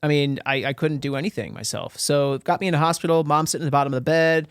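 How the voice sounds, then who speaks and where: A man's voice: on the high side, fairly even intonation, rapid-fire, clean tone, dry recording, studio quality. A man from a small town in Pennsylvania, a podcast guest telling his story in a candid, self-deprecating, joking way. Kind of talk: casual storytelling interview.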